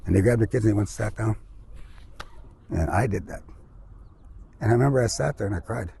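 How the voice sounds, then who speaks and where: A man's voice: fairly low pitch, fairly quick, vocal fry, dark tone, breathy edge. A middle-aged man giving a casual motivational talk, often tagging his sentences with "eh" and "you know". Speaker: speaker.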